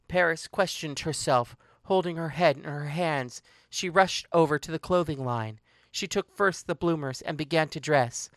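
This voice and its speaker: A narrator reading a first-person story aloud in a slow, emotional, deliberate way. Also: medium pitch, dry recording, clean studio sound.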